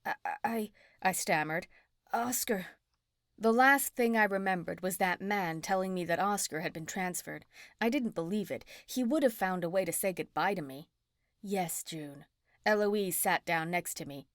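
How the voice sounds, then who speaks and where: A woman narrating an audiobook in the first person, in an even storytelling manner. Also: on the low side, normal speed, no echo, studio quality.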